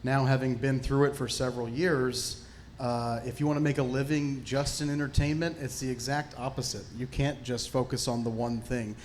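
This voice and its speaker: Man telling animated panel anecdotes. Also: medium pitch, normal speed, a little hiss or hum. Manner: animated anecdotes with frequent fillers. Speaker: panelist, actor and comedian. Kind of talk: casual panel storytelling. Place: film festival panel.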